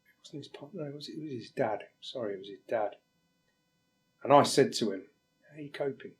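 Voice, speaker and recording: A man from England talks in a reflective interview. He is a firefighter whose pitch sits in the middle range. His speech is candid and halting, and he sometimes acts out the conversations he quotes. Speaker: firefighter guest.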